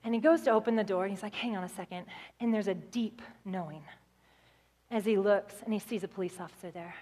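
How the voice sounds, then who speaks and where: A woman guest speaker preaching a sermon, telling the story with animated, acted-out voices. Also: medium pitch, fast, in a large hall.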